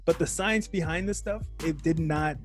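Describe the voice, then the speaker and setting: A man's voice: on the high side, moderate pace, a bit bright. Laid-back man chatting over faint music. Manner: laid-back, laughs often, slangy. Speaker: podcast co-host. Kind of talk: casual movie review chat.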